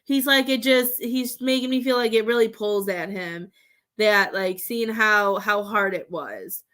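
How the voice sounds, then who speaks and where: A woman giving a live psychic reading, rambling with halting restarts and calling her sitters "love.". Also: mid-range voice, fairly bright tone. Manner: affectionate terms for sitters. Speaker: psychic medium.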